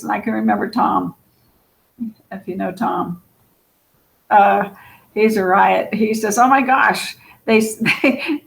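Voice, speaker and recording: A woman's voice: medium pitch, vocal fry, fairly bright tone. A middle-aged woman with a scratchy, sniffly voice giving a casual coaching talk, chatty and often laughing as she acts out sample lines. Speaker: real estate coach.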